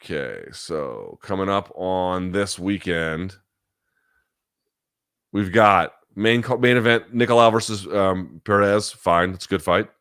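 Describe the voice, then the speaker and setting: Low voiced guy in his 40s doing a live chat, blunt, swears a lot, talks stuff through out loud, dry close mic. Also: lively intonation, slow pace, clear, resonant tone, dry recording. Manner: blunt, profane, thinks aloud. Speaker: host. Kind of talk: live chat reading viewer questions.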